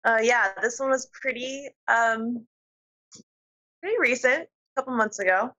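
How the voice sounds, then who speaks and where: A woman guest on an interview show, telling a personal story in a lively, giggly way. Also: a little high, measured pace, low-quality recording. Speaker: podcast guest.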